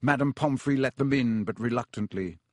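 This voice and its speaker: A man's voice: medium pitch, darkish tone, dry recording. Man narrating an audiobook, dry sound. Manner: measured storytelling. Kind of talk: scripted narration.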